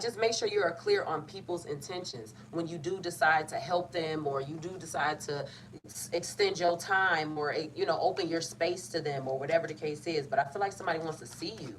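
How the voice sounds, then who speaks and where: A woman's voice: on the low side, a bit bright. A young woman giving a casual, playful tarot reading, talking in a loose colloquial way and often cutting herself off. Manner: chatty, colloquial, playful and self-interrupting. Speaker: tarot reader. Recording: slightly distant mic, faint background noise.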